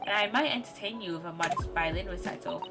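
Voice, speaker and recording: A woman voicing a genteel, eccentric male detective who speaks politely and theatrically, over loud music. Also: on the low side, fast talker, vocal fry.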